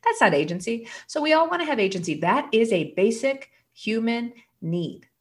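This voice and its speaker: A woman speaking as a guest in a casual conversational interview, earnest and emphatic, growing animated as she makes her points. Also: fairly high pitch, moderate pace.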